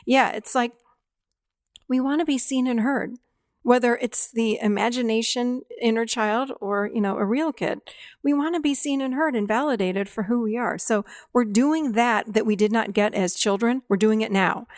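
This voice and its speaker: A woman's voice: fairly high pitch, normal speed, no room sound, studio quality. A middle-aged woman hosting a podcast, talking casually and acting out dialogue with clients. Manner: acts out quoted dialogue, warm validating tone, laughs often. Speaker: podcast host and therapist.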